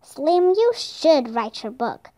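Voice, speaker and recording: A woman's voice: high-pitched, big pitch swings, takes it slowly, warm tone, dry recording, exaggerated voice. A woman voicing an eager, cheerful young girl in a storybook.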